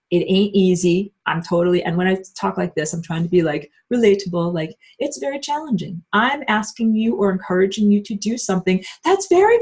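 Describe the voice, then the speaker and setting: A woman teaching a live-streamed spiritual course, chatty and bubbly, answering chat comments and acting out quoted people in a higher voice. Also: a little mellow, husky. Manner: many fillers like "like" and "um".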